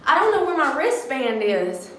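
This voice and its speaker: A vlogger livestreams while clearing a room indoors for painting, rambling to herself and her viewers and swearing lightly. Her voice is high-pitched and very animated at a normal speed, a little sniffly and out of breath. The room has a roomy echo with faint background noise.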